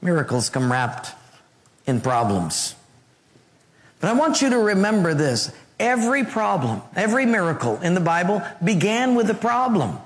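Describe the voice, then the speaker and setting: A male pastor delivers a lively, story-filled sermon with jokes and asides. He dips his voice low to drive points home. His voice rings with a long reverb through a large hall. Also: moderate pace.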